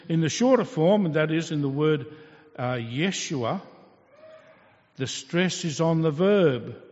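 Slow-speaking male preacher in a hall. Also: a little high, darkish tone. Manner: slow, teaching, rhetorical questions. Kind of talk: sermon. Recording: dull reverberant hall recording.

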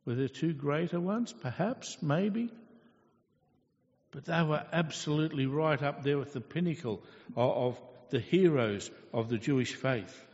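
A male preacher delivers a sermon slowly and earnestly, in a fairly high voice, and asks his listeners rhetorical questions. The sound is dull and lo-fi, with the long echo of a hall. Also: expressive, darkish tone.

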